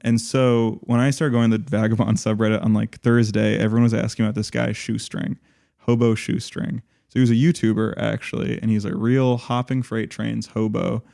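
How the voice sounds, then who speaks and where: A man's voice: fairly low pitch, little pitch movement, a little fast, gravelly, dark tone. A man co-hosting a podcast, talking casually and rambling, with many fillers and restarts. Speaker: podcast co-host.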